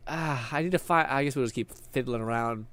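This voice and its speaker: A man's voice: medium pitch, fairly quick, a bit bright, dry recording. A man streaming live, chatting casually, thinking aloud and laughing easily, sweaty and tired after a long stream.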